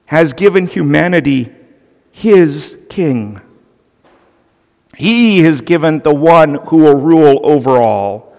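A man's voice: fairly high pitch, expressive, takes it slowly, gravelly, long pauses, darkish tone. A male pastor preaching a sermon earnestly and with animation, turning to the children with playful asides. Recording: long reverb of a large hall.

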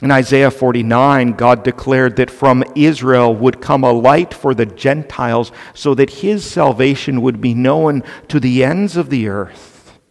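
A man preaching an expository sermon, slow and deliberate, stressing key points with emphasis. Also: mid-range voice, gravelly. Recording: long reverb of a large hall.

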